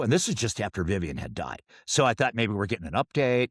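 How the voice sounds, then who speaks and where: Animated, joking middle-aged man. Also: lowish voice, brisk, few pauses, breathy edge, no echo, studio quality. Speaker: podcast co-host. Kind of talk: casual storytelling chat.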